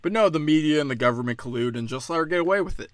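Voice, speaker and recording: A man's voice: fairly high pitch, expressive, very fast, dry recording. A man from Pennsylvania delivering a solo political rant, profane and mocking, firing off sarcastic rhetorical questions.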